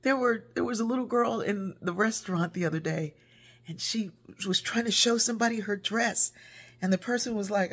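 An older woman with a husky voice tells personal family stories in an animated way, laughing often and acting out the voices of relatives. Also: mid-range voice, moderate pace. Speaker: speaker telling a personal story. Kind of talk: personal storytelling.

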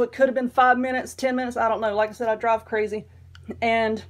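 A woman with a Southern US accent, chatting casually and rambling while showing her mail, often giggling. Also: on the high side. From Southern United States. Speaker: vlogger.

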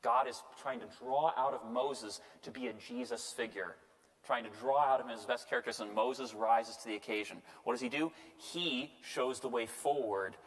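Male priest, mid-pitched, playful Bible teacher, heard with long hall reverb. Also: moderate pace. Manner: lively and joking, tags lines with "right?" and acts out quotes. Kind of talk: casual Bible lecture.

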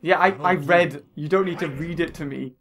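A young man giving excitable let's play commentary, yelling and swearing at the game over its music. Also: fairly high pitch, moderate pace. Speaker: gaming channel host. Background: video game music.

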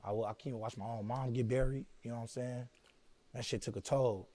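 A middle-aged man, an interview guest, telling a personal story slowly and quietly, often saying "you know what I'm saying". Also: mid-range voice, steady tone.

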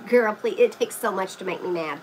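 A woman's voice: mid-range voice, brisk, a bit bright, slight background noise, low-quality recording. A woman hosting a casual live craft stream, chatting to viewers by name while she paints. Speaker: craft livestream host.

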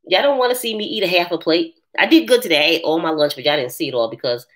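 A woman hosting a casual live chat, answering viewers' comments in an animated way and laughing often. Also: lowish voice, fast talker. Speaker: live stream host.

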